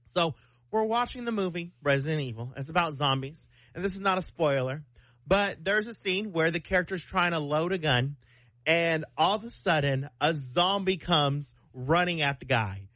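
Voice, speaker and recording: A young man on a radio show spins an embarrassing story with self-mocking energy. His voice sits high and bright and leaps up and down as he talks. The sound is close and dry. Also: no room sound. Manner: animated, self-mocking, quick bursts. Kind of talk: casual morning-show storytelling.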